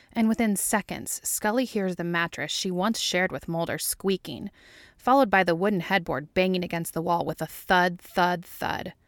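A woman reads a fan fiction story aloud in a lowish voice. Her narration is wry and even. The recording is close and dry. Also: no room sound. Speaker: audiobook reader.

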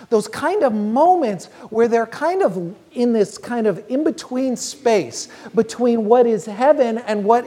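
A woman preaching a sermon, telling a story in an earnest, measured way and slowing down on key phrases. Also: medium pitch, warm tone, husky.

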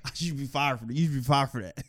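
A man co-hosting a podcast in casual chat, animated and often repeating and restarting his words. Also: medium pitch, rapid-fire, no room sound, clean studio sound. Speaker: podcast co-host.

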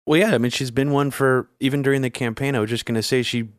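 A man's voice: medium pitch, fairly even intonation, fast talker, dry recording, clean studio sound. A man on a political talk show, wry and a bit hesitant as he makes his points.

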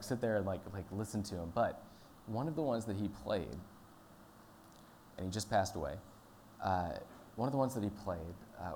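A man giving a sermon at church in a relaxed, conversational, storytelling manner. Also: low voice, slight background noise. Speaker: pastor.

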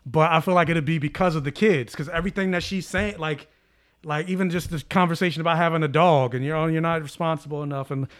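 A man's voice: on the high side, fairly even intonation, fast. A man in casual chat about a TV show, thoughtfully laying out theories with lots of fillers.

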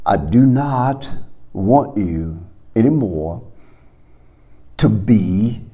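A man preaching a sermon as pastor, swinging between loud calls and low murmurs. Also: expressive, drawn-out words, husky.

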